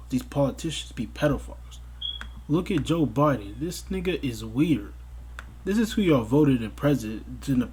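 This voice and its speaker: A man's voice: mid-range voice, breathy edge. A young man giving a casual, profane commentary rant, exasperated and bursting into outraged exclamations. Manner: profane, exasperated, animated outbursts. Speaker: commentary vlogger.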